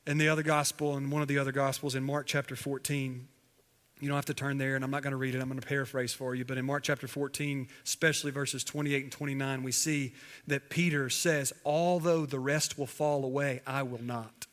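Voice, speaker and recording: A man, a pastor, preaching a sermon, swinging between loud emphasis and hushed quiet and acting out quoted dialogue. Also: medium pitch, level tone, fast. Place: church sanctuary. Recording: long hall reverb from a church sanctuary.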